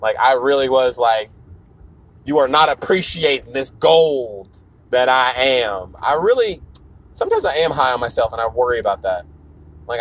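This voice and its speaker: A stand-up comedian talks to himself on the road in a loose, profane ramble. His pitch leaps around with every aside and mock voice. A vehicle hums behind him. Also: a little hiss or hum. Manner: animated, profane, jumps into mock voices and broken French. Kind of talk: rambling road-trip podcast monologue.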